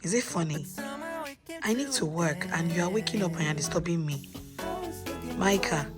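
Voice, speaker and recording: A woman with a Nigerian English accent playfully scolding her baby at home, mock-stern and repeating herself. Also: fairly low pitch. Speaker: vlogger, mother. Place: bedroom at home. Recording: background music under voice.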